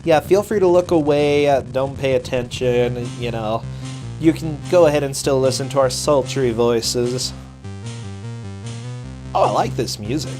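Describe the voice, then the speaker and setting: A man commentating a live game race casually, reacting with quick exclamations. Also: mid-range voice, poor audio. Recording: faint game music behind.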